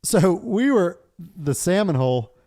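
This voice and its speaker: A man's voice: high voice, big pitch swings, unhurried, dark tone. Profane, laughing male storyteller. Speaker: podcast host. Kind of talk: casual storytelling chat.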